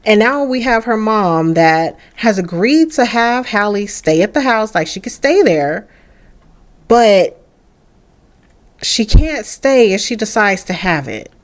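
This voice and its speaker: A young woman giving casual let's-play commentary on a life-simulation game, chatty and animated. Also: medium pitch, slow. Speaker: gaming creator.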